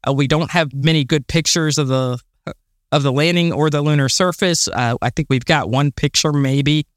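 A man's voice: fairly high pitch, normal speed, no echo, clean studio sound. A man co-hosting a space podcast in casual chat, enthusiastic and given to exasperated rants, with many fillers. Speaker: podcast co-host.

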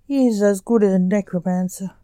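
A woman's voice: mid-range voice, brisk, dark tone, no room sound, lightly acted. A woman reading as a curt, snappish male sorcerer. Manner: snappish, grumbling. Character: curt bureaucratic male sorcerer stage magician.

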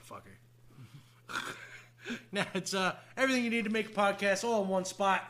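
A man with a high voice trades loose, teasing banter on a podcast. He jokes freely and swears often, keeping the talk casual. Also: expressive, moderate pace, a bit bright. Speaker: podcast co-host.

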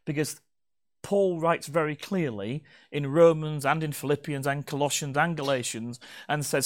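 A man delivering a sermon from the front of a church, his voice sitting a touch higher than most men's. He talks with a playful, teasing manner, joking with the congregation between points of teaching. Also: moderate pace. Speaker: pastor. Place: church hall.

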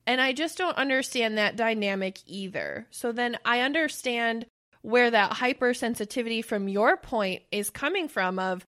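Female podcast co-host, bright and slightly high, plainspoken and profane. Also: animated, normal speed. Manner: blunt, profane and opinionated. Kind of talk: casual podcast chat.

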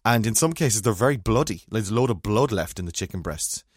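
A man, co-hosting a casual chat and telling rambling, animated stories full of restarts. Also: lowish voice, brisk, breathy edge, no room sound, studio quality. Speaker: podcast co-host.

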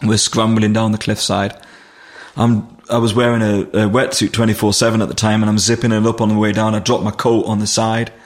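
A man's voice: fairly low pitch, level tone, a little fast. A middle-aged man, telling a vivid story as an interview guest, with restarts and plain dialect grammar. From Nottingham, England. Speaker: guest, firefighter.

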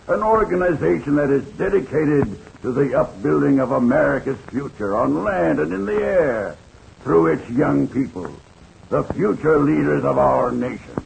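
Gravelly man reading a formal letter. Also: on the high side, darkish tone, poor audio. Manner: solemn, formal, measured delivery. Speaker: reader of a sponsor's letter. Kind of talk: formal 1930s radio address.

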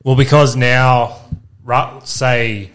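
A man's voice: medium pitch, steady tone, drawn-out words, a bit bright, a little hiss or hum. An Australian man co-hosting a podcast in casual chat, laid-back, explaining things and throwing in short agreeing replies. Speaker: podcast co-host.

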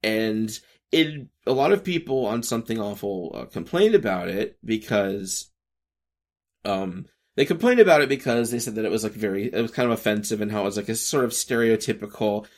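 A man in his thirties hosting a podcast, talking in a rambling casual monologue, halting and restarting often, swinging between high energy and subdued. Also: expressive. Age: 30s. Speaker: podcast host.

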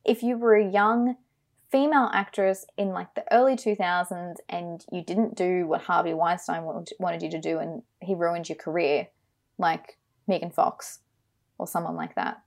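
Gravelly opinionated Australian woman. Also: on the low side, moderate pace. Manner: blunt, opinionated and emphatic. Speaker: podcast co-host. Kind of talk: casual film discussion.

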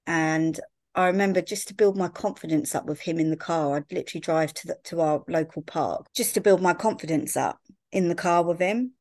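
A young woman from Sussex talks as a podcast guest, her voice sitting a bit low and the sound bone-dry and close to the mic. She rambles warmly through stories, leaning on "like" and "I remember" as she goes. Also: brisk, no room sound. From Sussex, England. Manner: chatty storyteller, peppered with "like" and "I remember". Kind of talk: casual chat.

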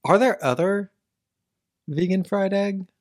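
A man's voice: high-pitched, slow pace. A man co-hosting a podcast in casual chat, drawling and questioning, playfully stubborn. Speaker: podcast co-host.

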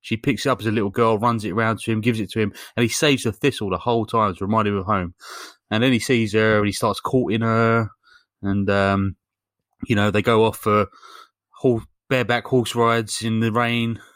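A man hosting a podcast, recapping a film in a deadpan, sweary, jokey way. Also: lowish voice, moderate pace, no room sound, studio quality. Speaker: podcast host. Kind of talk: casual chat recapping a film.

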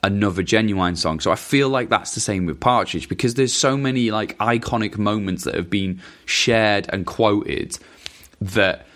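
A man's voice: fairly low pitch, moderate pace, fairly bright tone. A man hosting a podcast, casually answering listener questions in a rambling, self-interrupting way with chuckling asides. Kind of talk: casual chat.

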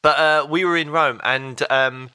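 Bright-voiced man telling stories. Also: a little high, measured pace, clear, resonant tone. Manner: animated storyteller, laughs often. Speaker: podcast co-host. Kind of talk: casual chat.

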